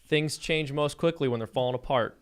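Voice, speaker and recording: Wry man with slightly high voice. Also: brisk. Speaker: podcast co-host. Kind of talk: casual panel talk.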